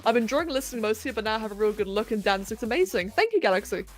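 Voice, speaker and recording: A woman's voice: on the high side, expressive, rapid-fire. A woman hosting a live stream, chatting casually and thinking aloud with self-mocking humour while she sculpts. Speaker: livestream host. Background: faint electronic music.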